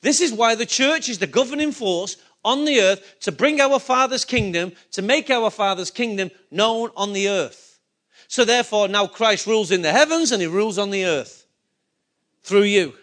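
A pastor preaching to his congregation in a strikingly high voice for a man. He keeps asking his listeners questions and leans hard into his key points, sometimes rising almost to a shout. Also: moderate pace. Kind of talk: sermon.

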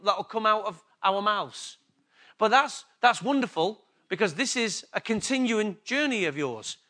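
A pastor with an English accent preaches a sermon in a high-pitched, pushed, bright voice. He repeats key words for emphasis and asks the congregation questions.

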